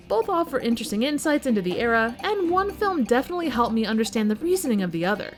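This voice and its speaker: A woman hosting a movie review channel, reading a scripted review with wry, playful asides. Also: a little high.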